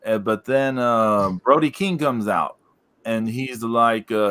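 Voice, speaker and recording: Male podcast co-host, mid-pitch, rambling and filler-heavy, easily amused. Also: takes it slowly, a bit bright, clean tone. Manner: amused, laughs while recounting. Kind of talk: casual chat.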